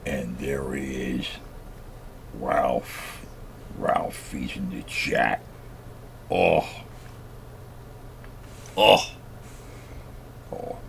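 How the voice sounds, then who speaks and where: A ponderous man with a rumbling, gravelly voice that sits extremely low. Every word crawls out at a crawl, stretched into drowsy groans, with a faint hiss of noise underneath. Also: a bit bright, full character voice. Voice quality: very deep, gravelly, drawn-out. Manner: slow, drowsy announcing with repeated groans. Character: impression of a slow, gravel-voiced middle-aged man friend.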